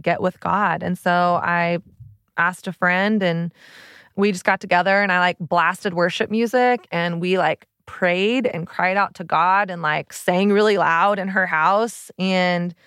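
This earnest, open woman in her thirties hosts a podcast and coaches on relationships, sharing confessional stories packed with "like." Her voice sits on the low side, fairly even and a little slow, with a fairly bright, clear, resonant tone. It's a dry, studio-quality recording.

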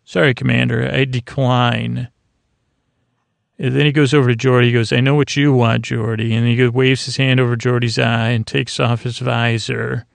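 A man's voice: medium pitch, level tone, normal speed, vocal fry, no room sound. A man hosting a podcast, casually retelling a TV episode scene by scene, loose and rambling, with lots of fillers and restarts. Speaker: podcast host.

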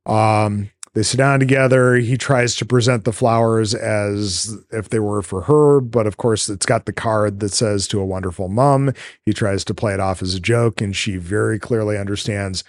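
A man's voice: lowish voice, fairly even intonation, normal speed, hardly any pauses, no room sound, studio quality. A man hosting a podcast, rambling through a casual film recap with many fillers and the odd swear word. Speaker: podcast host.

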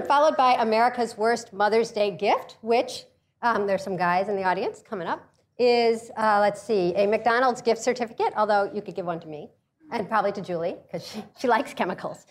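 A woman's voice: on the high side, normal speed. A middle-aged American woman giving a comic talk, telling a story with plenty of laughs and acted-out voices. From United States. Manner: animated, acts out voices, laughs often.

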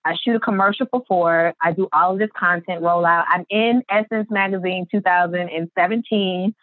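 Animated woman telling her story, phone-like sound. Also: moderate pace, dry recording. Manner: lively, acts out quotes with big pitch jumps, many fillers. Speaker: artist and business founder, interview guest. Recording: dry, phone-like narrow sound.

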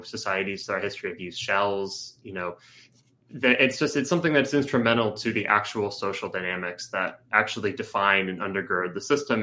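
Man co-host, casual political talk, low-pitched and bright, stop-start with lots of fillers. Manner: halting, many fillers and restarts.

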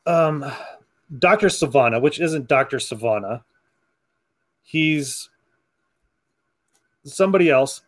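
A man's voice: fairly high pitch, a bit bright. A man hosting a comic book podcast, chatting casually, laughing often and acting out lines from comics. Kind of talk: casual chat.

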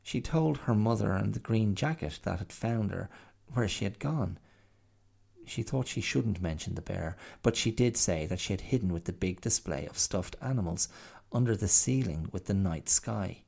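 A man reading a bedtime-style story with a deep, gravelly voice and a gentle, unhurried delivery. His tone is dark and mellow, and it moves around a great deal between lines. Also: lively intonation. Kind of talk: storybook narration.

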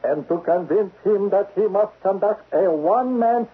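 A man's voice: sits high, normal speed, slightly rough. A man playing a stern, sarcastic male spy chief in a 1970s radio drama. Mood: icy. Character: cold menacing male foreign spy chief. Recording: lo-fi narrow-band radio recording.

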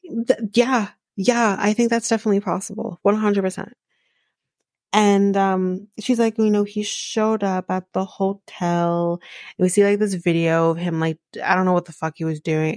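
A woman's voice: mid-range voice, steady tone, normal speed, a little mellow, no room sound, studio quality. A woman from Jamaica hosting a podcast, giving blunt, sarcastic casual commentary and swearing freely. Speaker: podcast host recapping a reality show.

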